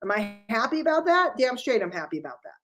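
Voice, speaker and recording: A middle-aged woman from New York City giving an animated business talk to her sales group, full of rhetorical questions. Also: a little high, quick pace.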